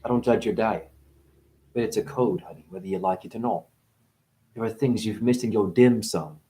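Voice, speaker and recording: A man delivering a rambling spiritual monologue, full of swearing, wordplay and sudden swings from muttering to shouting. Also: moderate pace, a little hiss or hum. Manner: profane, wordplay-driven, jumps between wild pitch swings and mutters. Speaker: spiritual speaker.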